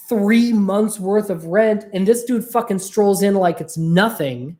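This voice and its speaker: A woman's voice: medium pitch, darkish tone. A woman hosting a podcast in a casual solo monologue, chatty and swearing freely. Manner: chatty and profane, with frequent fillers. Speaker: podcast host.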